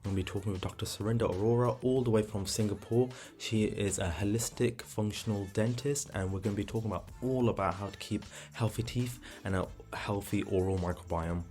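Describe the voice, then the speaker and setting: A man with a fairly low voice reads a brisk scripted podcast intro. Faint music plays under him. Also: steady tone, a little mellow. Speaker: podcast host.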